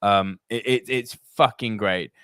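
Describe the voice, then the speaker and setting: A man's voice: on the low side, a bit bright, clean tone, no room sound, studio quality. A man hosting a live stream, reading viewer comments aloud in a teasing, swearing, casual chat. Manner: teasing, swearing, quick laughter.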